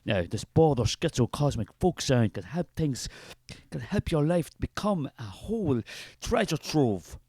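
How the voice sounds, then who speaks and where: A man's voice: a little high, sing-song, unhurried, warm tone, breathy edge, dry recording, full character voice. An Irish man playing a preachy, fervent male spirit of artistic creativity who rambles grandly in a comic character sketch.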